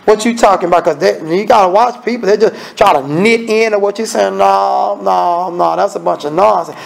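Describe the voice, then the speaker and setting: A man preaching with a high, gravelly voice that has a rough, creaky edge. He talks in a folksy, conversational way, blunt and scolding with a streak of humor, often slipping into short acted-out exchanges between people. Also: moderate pace, poor audio. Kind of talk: evening sermon.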